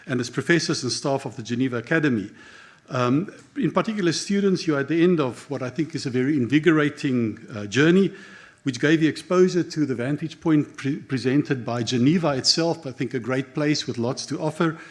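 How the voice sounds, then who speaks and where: A man giving a formal keynote speech at a graduation ceremony in a measured manner, often pausing with um and uh. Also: fairly high pitch. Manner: measured, with frequent um and uh. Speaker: keynote speaker.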